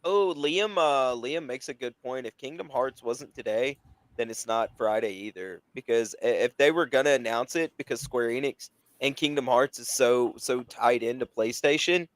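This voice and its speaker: A man's voice: mid-range voice, normal speed, no room sound. A man in a casual gaming podcast chat, jokey and teasing, swearing freely.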